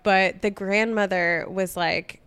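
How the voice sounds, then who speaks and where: A woman's voice: mid-range voice, steady tone, slow pace, a bit bright, clean tone, no echo. A young woman co-hosting a comedy podcast, telling rambling anecdotes full of fillers. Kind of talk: casual storytelling chat.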